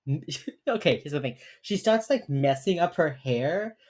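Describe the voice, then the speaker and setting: Very low-voiced woman recapping casually. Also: lively intonation, unhurried, a little mellow, slightly rough. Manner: rambling, swears casually, laughs often. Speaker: podcast co-host. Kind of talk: casual chat recapping a TV episode.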